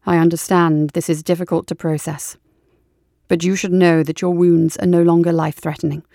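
A woman reading a storybook, voicing a young male army field surgeon who speaks in a calm, measured, clinical way. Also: lowish voice, creaky, dry recording, clean studio sound.

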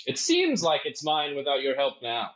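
A woman's voice: extremely low pitch, wildly swooping pitch, normal speed, lo-fi sound, full character voice. A man voicing a fierce, menacing woman warlord who leads a horde and speaks in a cold, taunting way.

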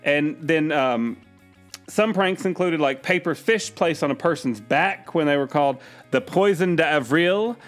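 A man's voice: a little high, a little slow, fairly bright tone, faint music behind. A man co-hosting a radio show, chatting playfully through the segments. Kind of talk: comedic radio banter.

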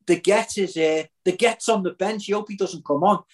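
A man recalling and acting out an agitated Liverpool dad, a middle-aged football fan who frets and keeps repeating himself. His voice pushes a little higher than the speaker's usual talk. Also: moderate pace, close to an everyday voice. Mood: fretting. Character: nervous furious middle-aged dad at a match.

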